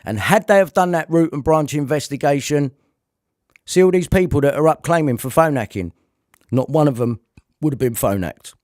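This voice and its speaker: A man's voice: fairly high pitch, moderate pace, darkish tone, no echo, clean studio sound. A man delivering a heated, repetitive rant to camera, swearing often. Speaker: vlogger.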